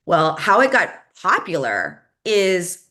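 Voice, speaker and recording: A woman's voice: lowish voice, huge pitch swings, slow pace, bright, forceful tone. A middle-aged woman from the Bay Area talking casually to an audience as a publishing coach, chatty and emphatic, with lots of "like". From Bay Area, California.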